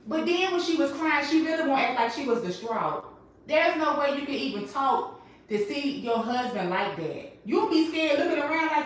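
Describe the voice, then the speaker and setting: A woman hosting a casual recap chat, telling the story with emphatic, animated delivery. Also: high-pitched, brisk, slight background noise. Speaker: host. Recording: echoey room, mic at a distance.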